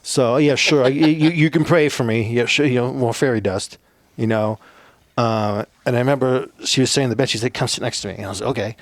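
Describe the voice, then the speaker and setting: A man's voice: mid-range voice, fairly even intonation, fast talker, no echo. A man from a Navajo reservation, a podcast guest, telling stories in a rambling casual way with lots of fillers and cursing. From Navajo reservation, United States. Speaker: podcast guest, former soldier. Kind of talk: casual storytelling.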